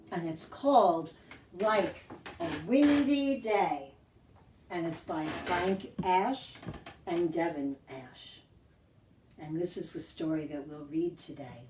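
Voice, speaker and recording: A woman leading a children's sing-along and story time, speaking gently in a sing-song way to young kids. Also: fairly low pitch, a little hiss or hum. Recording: echoey room, mic at a distance, guitar.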